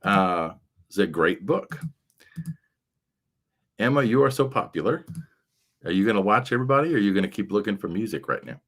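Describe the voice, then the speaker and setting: A man's voice: on the low side, lively intonation, fairly quick, pauses often. A man hosting a casual livestream chat, rambling along with frequent fillers. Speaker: livestream show host.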